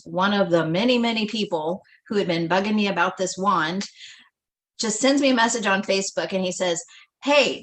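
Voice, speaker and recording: Animated middle-aged woman telling a story. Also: on the low side. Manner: animated, acts out dialogue, laughs often. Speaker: livestream guest. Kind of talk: storytelling testimonial.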